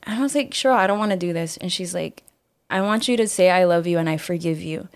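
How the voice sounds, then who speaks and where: A young woman with a lowish voice, a guest in a casual interview. She tells a personal story with energy, switching into the voices of the people she quotes and scattering filler words. Her talk is easygoing and heartfelt. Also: fast. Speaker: guest, singer-songwriter.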